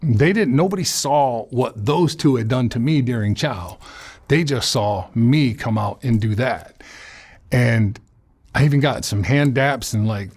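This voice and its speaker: Guy telling his story straight, lots of swearing, kinda raspy, stops and restarts a lot. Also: medium pitch, a little mellow. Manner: blunt and profane, halting with restarts. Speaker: interview guest. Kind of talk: recounting a personal story.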